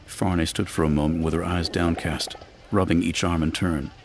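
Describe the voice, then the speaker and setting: A man narrating an audiobook in a steady, even storytelling manner. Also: low-pitched, normal speed. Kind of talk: scripted narration.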